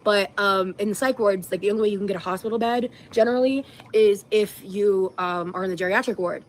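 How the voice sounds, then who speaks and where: A woman's voice: medium pitch, fairly quick. A woman telling a personal story in a casual, rambling way, with lots of fillers. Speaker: vlogger.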